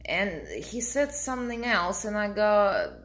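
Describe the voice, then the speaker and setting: A middle-aged woman, native Russian speaker, telling a story to her camera in a dry, deadpan way. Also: medium pitch, slow, a little hiss or hum. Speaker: vlogger.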